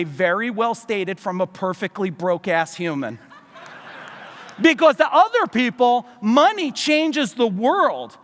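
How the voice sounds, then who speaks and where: A man from New Jersey giving a loud, fast, profane motivational business seminar to a live audience in a large hall. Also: extremely high pitch. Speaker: business speaker. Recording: long reverb of a large hall.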